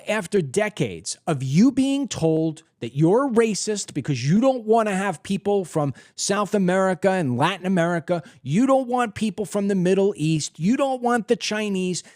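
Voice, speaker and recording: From his desk at home, a political commentary host delivers a heated, emphatic, opinionated monologue, acting out other people's reactions. His voice sits high with a darkish tone, recorded in studio quality with no room sound.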